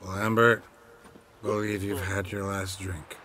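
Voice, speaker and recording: An actor playing a weary, stoic male witcher who speaks in a dry, terse deadpan. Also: low-pitched, slow pace, slight background noise, exaggerated voice. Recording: game cutscene with music behind.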